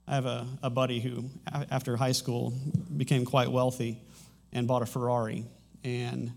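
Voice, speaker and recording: A man in his thirties delivers a sermon in a loose, conversational way. He often restarts his sentences and lets a light humor through as he goes. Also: medium pitch. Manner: conversational and rambling, with frequent restarts. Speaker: pastor.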